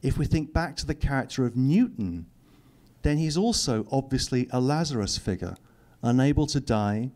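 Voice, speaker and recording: A middle-aged author with a darkish, expressive, medium-pitched voice reads aloud at a normal pace. Speaking to an audience in a lecture hall, he mixes reading with commentary and dry, teasing asides.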